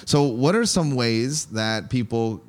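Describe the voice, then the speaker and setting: A man's voice: mid-range voice, animated, slow, a little mellow. A man hosting a podcast, talking casually and asking his co-host questions with energy.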